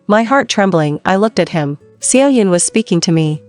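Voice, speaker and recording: A woman narrating a first-person story in a calm, steady, scripted manner, her voice lowish in pitch. Faint background music runs under the reading throughout. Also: a little fast, few pauses.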